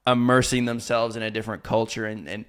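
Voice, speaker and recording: A man's voice: fairly low pitch, level tone, quick pace, a bit bright, clean tone. A man hosting a podcast interview, relating to his guest and laughing easily as he talks. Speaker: podcast host.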